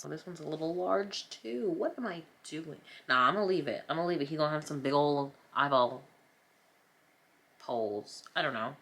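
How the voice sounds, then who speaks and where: A New Jersey vlogger in her thirties chats casually with viewers while she paints, rambling, self-mocking and playfully dramatic. Her voice is deep and fairly bright, at a normal speed, recorded on a camera mic.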